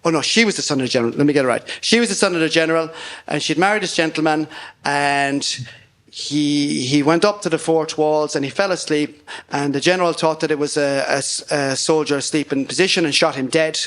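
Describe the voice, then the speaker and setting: A man's voice: on the high side, a little fast, fairly bright tone. A man, a ghost tour guide, chatting as an interview guest and telling folklore in a rambling, chuckling way. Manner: rambling storyteller, chuckles often. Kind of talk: casual interview chat.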